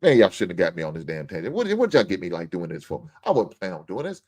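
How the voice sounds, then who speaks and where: A man's voice: low-pitched, sing-song, fast, a little mellow. A middle-aged man hosting a show, in a blunt, joking, ranting monologue. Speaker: podcast host. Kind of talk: casual monologue.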